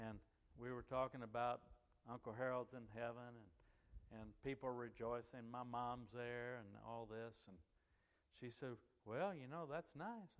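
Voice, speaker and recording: Folksy middle-aged man in a reverberant hall. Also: mid-range voice. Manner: chatty and animated, acts out quoted voices and laughs as he goes. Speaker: church member telling a story. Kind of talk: folksy anecdotal storytelling.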